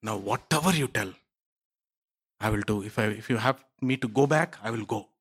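A man's voice: fairly low pitch, moderate pace, a bit bright, husky, voice pushed down. A man preaching, voicing a greedy, wavering male soothsayer in a retold scripture story. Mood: contrite.

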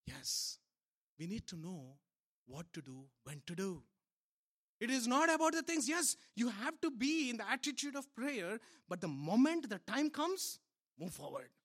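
A man preaching a sermon with a high-pitched voice, repeating key phrases for emphasis. He drops to soft, low asides, then swells into loud, urgent calls. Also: very animated, moderate pace. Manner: emphatic, repetitive exhortation, swinging between soft and loud.

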